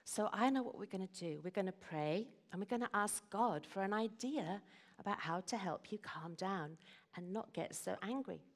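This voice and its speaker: A woman voicing a calm, kind father in a children's story, speaking gently and reassuringly. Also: medium pitch, normal speed.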